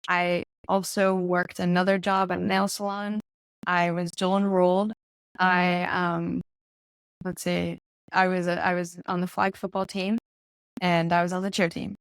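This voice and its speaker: A young woman talks through her story as an interview guest, chatty and quick to laugh, slipping into the voices of the people she quotes. Her voice sits low and has a gravelly fry to it, and the sound is dry and close. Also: level tone, dry recording. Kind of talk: casual interview conversation.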